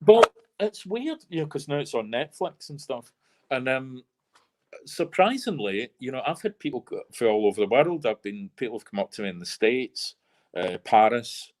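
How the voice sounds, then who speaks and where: A man's voice: medium pitch, big pitch swings, moderate pace. A middle-aged Scottish man, an actor and comedian, chatting in a radio interview, rambling through anecdotes with fillers and restarts. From Scotland. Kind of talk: casual radio interview chat.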